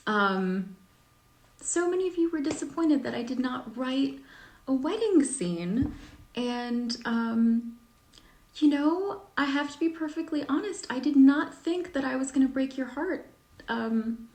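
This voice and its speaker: A woman's voice: high voice, lively intonation, measured pace, a little mellow. A woman talking casually on a live stream, answering reader questions with lots of fillers and a self-deprecating tone. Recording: echoey room.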